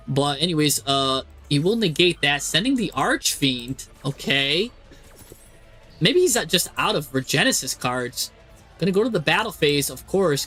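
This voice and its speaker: A man streaming live, commentating a card game match and talking to the players on screen in an exasperated, animated way. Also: fairly high pitch.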